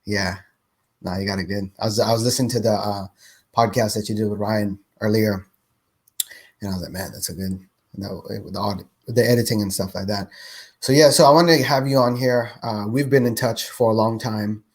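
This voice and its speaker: A man's voice: lowish voice, fairly even intonation, brisk. A man hosting a business podcast, talking in an easygoing, conversational way. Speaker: podcast host. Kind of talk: casual interview chat.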